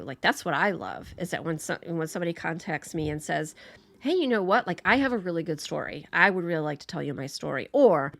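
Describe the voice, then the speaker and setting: A woman with a fairly low voice chats casually as a podcast guest. She laughs often and restarts her sentences mid-thought. The sound is close and dry. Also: a bit bright, no room sound. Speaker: podcast guest, patient advocate. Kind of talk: casual conversation.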